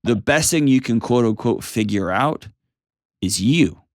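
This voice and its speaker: A man in his forties hosting a call-in advice show, calm, reassuring and emphatic as he coaches a caller. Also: mid-range voice, measured pace, no echo, clean studio sound. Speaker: host.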